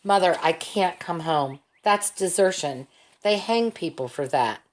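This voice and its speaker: A tired, stubborn young soldier talks wearily but will not give an inch, as a woman reads him in an audiobook. His voice sits a little low and plain. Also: expressive, unhurried. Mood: insistent. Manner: weary and insistent. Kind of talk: audiobook character voice.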